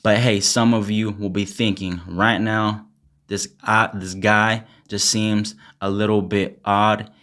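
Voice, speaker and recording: A man's voice: fairly low pitch, little pitch movement, slow pace, fairly bright tone. A young man rapping an intense, angry a cappella freestyle full of swearing, then chatting casually to his viewers. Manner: intense and angry in the verse, chatty and laughing in the outro; swears heavily. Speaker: rapper and poet.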